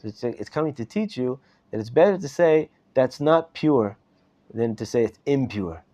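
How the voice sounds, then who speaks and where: Rabbi teaching, dull live recording. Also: male voice, mid-range voice, expressive, brisk, warm tone. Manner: conversational, repeats words and asks "right?" often. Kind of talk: informal Torah class to students. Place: classroom in a study hall.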